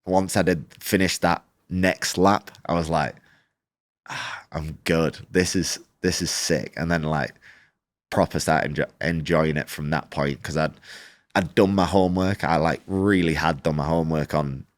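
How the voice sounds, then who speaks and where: A man with a deep, low voice recounts his experience as a racer, speaking casually and with animation. He slips into quoted back-and-forth and peppers his speech with "like". The sound is close and dry, with no room echo. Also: unhurried. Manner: animated, acts out quoted exchanges, frequent "like" fillers. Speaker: motorcycle racer, podcast guest. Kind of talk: casual storytelling in an interview.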